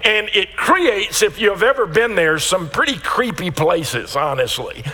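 A man preaches in a church sanctuary with a long, ringing reverb trailing behind his words. His voice sits high and bright, and he tells stories with many quick restarts and repeated words. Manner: storytelling, animated with repeated restarts. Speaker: pastor. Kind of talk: sermon.

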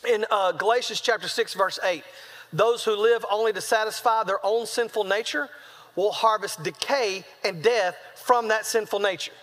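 A high-pitched male preacher with a drawl tells his sermon as a comic story. He acts out each quote with lively voices. His voice rings out with a long echo through a large hall. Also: normal speed. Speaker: traveling preacher.

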